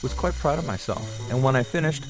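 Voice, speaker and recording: A middle-aged man hosting a podcast, telling childhood stories in a relaxed monologue and acting out the quoted voices now and then. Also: medium pitch, brisk. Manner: nostalgic, acts out quoted voices with some filler words. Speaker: podcast host. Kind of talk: storytelling monologue.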